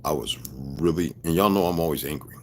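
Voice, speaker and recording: A man's voice: extremely low pitch, quick pace, slight background noise. A man talking straight to his viewers in a rambling, emphatic, profanity-laced monologue, often checking whether they follow him. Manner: profane, emphatic, conspiratorial rant. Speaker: video blogger.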